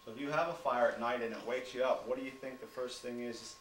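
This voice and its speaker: A man's voice: mid-range voice, steady tone, quick pace, a bit bright. Male firefighter, classroom talk to preschoolers, patient and questioning, echoey classroom. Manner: patient, asks the kids lots of simple questions. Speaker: firefighter teaching preschoolers fire safety. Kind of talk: classroom talk to small children. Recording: echoey room from far off, noisy.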